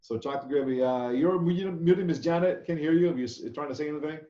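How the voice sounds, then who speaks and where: A man's voice: a little high, fast, dark tone. A man with a slightly raised voice teaches a cooking class over a video call. He talks loosely and keeps checking in with his students. The sound is roomy and a little dull. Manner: chatty, loose, keeps asking "okay?". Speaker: culinary chef instructor. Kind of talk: casual online class lecture.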